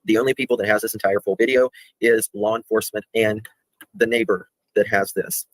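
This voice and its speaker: A man explaining a video on a call, halting and restarting as he walks through the footage. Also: lowish voice, steady tone, no room sound, poor audio. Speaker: guest presenting a video.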